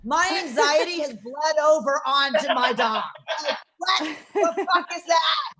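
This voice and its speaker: Woman, forties, high voice, profane, self-mocking stand-up, video call. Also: a little slow. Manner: brash, self-mocking, profane, animated storytelling. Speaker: stand-up comedian. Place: home garage.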